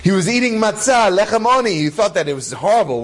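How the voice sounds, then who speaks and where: A man telling an inspirational religious story in a dramatic, animated way and drawing a moral from it. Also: sits high, fast, slight background noise.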